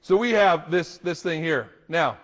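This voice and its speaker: A middle-aged man speaks to an audience as a motivational speaker, his voice sitting a little high. He tells stories with animation and laughs along with them. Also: animated, a little slow. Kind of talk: live talk to an audience.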